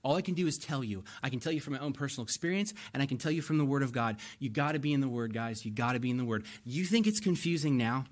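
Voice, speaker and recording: A man's voice: medium pitch, lively intonation, fast, few pauses. A man preaching a sermon as pastor, earnest and pleading, repeating lines for emphasis and getting emotional.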